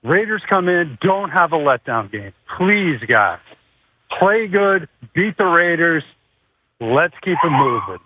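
Excited fan calling in on a tinny phone line. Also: male voice, fairly high pitch, takes it slowly, husky, dry recording. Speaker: caller. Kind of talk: call-in to sports radio.

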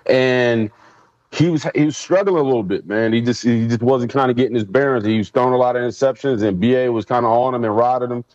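A former NFL player guesting in a casual interview tells stories with animation, acting out others' words in raised voices. He speaks quickly at medium pitch, and the dull lo-fi recording has no room sound.

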